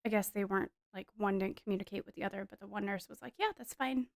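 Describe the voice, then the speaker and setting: A woman in her thirties tells a heartfelt personal story, earnest and emotional, with a few ums and restarts along the way. Her voice sits at an ordinary middle pitch. The sound is close and dry, with no room echo. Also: monotone, racing, vocal fry. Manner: earnest, emotional retelling with fillers. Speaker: wife sharing a testimony. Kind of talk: personal testimony, casual storytelling.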